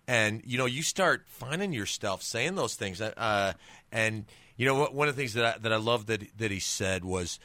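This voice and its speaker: Animated man telling stories, bright voice. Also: lowish voice, a little slow, no echo. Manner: animated storyteller with many restarts. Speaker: guest, former pro football player and author. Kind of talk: casual storytelling interview.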